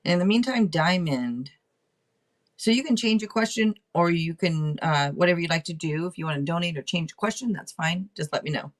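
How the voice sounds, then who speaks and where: A middle-aged woman hosting a casual livestream tarot reading, rambling and chatting out loud to herself between readings. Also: on the low side, brisk. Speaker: tarot reader and livestream host.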